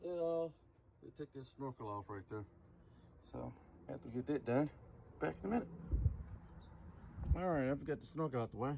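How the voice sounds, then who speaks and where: A man talks through a car repair in a loose, profane way, laying on the sarcasm as he goes. His pitch sits in an ordinary middle range. Faint background noise from the work area hangs behind him. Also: lively intonation, normal speed, vocal fry, long pauses, warm tone, dull audio. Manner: profane, sarcastic, laid-back. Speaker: DIY car repair vlogger. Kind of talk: casual how-to narration. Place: garage or driveway, working on a car.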